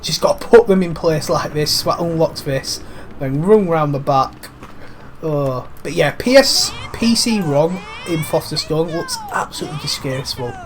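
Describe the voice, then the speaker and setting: This gaming commentator has a fairly high voice with lively intonation and a normal pace, though he's got a cold and there's a faint hiss or hum. He rambles cheekily through his let's-play, swearing a little along the way.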